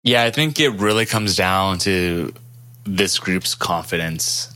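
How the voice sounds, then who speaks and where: A man with a very low voice and a bright, forceful edge adds measured, analytical points to a casual film chat. He readily agrees with his co-host. The sound is dry and close. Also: animated, no room sound. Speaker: podcast co-host.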